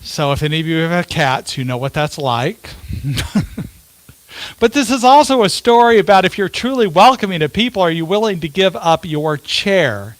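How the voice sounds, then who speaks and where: A male minister preaching a sermon in an unhurried storytelling way, with rhetorical questions to his listeners. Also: high-pitched, a bit bright, dry recording.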